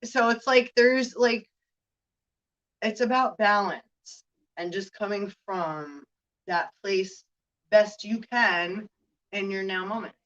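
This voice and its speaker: A woman's voice: mid-range voice, takes it slowly, long pauses, fairly bright tone, highs cut off. A woman giving a casual spiritual vlog talk, rambling, laughing often, swearing and asking "right?" again and again. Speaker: spiritual reader.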